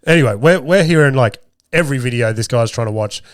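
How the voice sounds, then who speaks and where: Talking fast and expressively in a mid-range voice, a man in his thirties with a sore, strained throat spins a crude, self-mocking yarn on his podcast. The studio-quality recording has no room sound.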